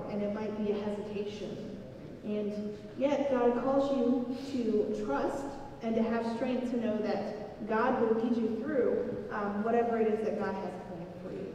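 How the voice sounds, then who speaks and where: A woman pastor giving a children's message, explaining gently and slowly to children in a church sanctuary. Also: on the high side, a little hiss or hum. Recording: echoey church hall from far off.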